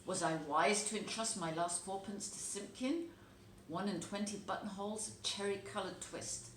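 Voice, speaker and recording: A woman voicing a poor, anxious old male tailor who mumbles to himself in a low, fretful mutter while she reads a storybook aloud. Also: normal speed, a bit bright, recorded from a distance, slight background noise, natural voice. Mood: fretful mumbling. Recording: echoey room.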